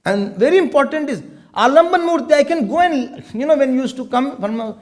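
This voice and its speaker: A male swami delivers a sermon in a remarkably high voice. His pitch swings widely as he teaches, and he often breaks into chuckles. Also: a little fast. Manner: animated teaching, often laughing, mixing in Hindi and Sanskrit terms. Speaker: swami giving a spiritual talk.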